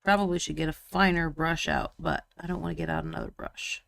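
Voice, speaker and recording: A woman's voice: fairly low pitch, sing-song, a little fast, creaky, a bit bright. A woman painting miniatures on a live stream, chatting playfully and muttering to herself as she works. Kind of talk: casual chat while painting.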